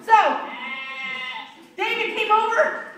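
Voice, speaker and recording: Female children's teacher, very high voice, playful and questioning; distant mic with faint background hiss. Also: flat delivery, slow pace, a bit bright. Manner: playful, asks the children questions, laughs often. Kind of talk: animated storytelling to children. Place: church room with children. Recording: echoey room, mic far off, faint noise.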